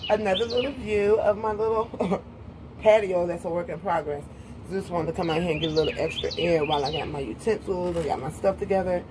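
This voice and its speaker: A woman vlogging casually from her patio and home, chatty and quick to laugh at her own jokes, her voice slightly rough. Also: lowish voice, slight background noise. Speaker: lifestyle vlogger. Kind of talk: casual vlog chat to viewers. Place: home patio then indoors.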